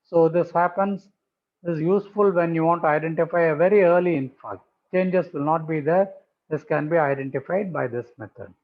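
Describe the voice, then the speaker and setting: A man giving a methodical pathology lecture over slides, repeating key terms for emphasis. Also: a little high. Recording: tinny phone-like audio.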